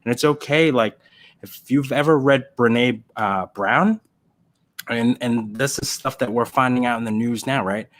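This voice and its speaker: A man in the middle of a casual livestream chat, his voice sitting at an ordinary pitch. He tells stories with energy, jumping into little character voices along the way. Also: normal speed. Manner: animated storyteller, acts out voices in anecdotes.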